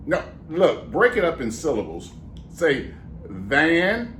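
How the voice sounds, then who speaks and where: A man's voice: a little high, wildly swooping pitch, takes it slowly, fairly bright tone, echoey room, a little hiss or hum. A man performing as a ventriloquist for children, coaxing and mock-exasperated with his parrot puppet. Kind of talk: children's comedy act.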